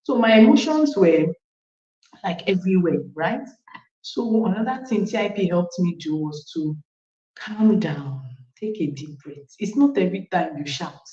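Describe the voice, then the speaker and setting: Nigerian woman telling a lively parenting story. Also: lowish voice, unhurried, reverberant, highs cut off. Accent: Nigerian English. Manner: animated storytelling with acted quotes, frequent asides to the coach. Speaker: parent sharing a testimony. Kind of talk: casual personal testimony.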